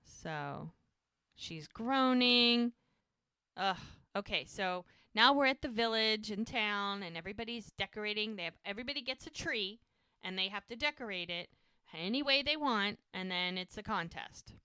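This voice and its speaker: A woman's voice: mid-range voice, lively intonation, normal speed, pushed and bright, smooth, no room sound, clean studio sound. A woman co-hosting a podcast, recapping a TV episode in casual chat, laughing often and briefly quoting characters. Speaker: podcast co-host.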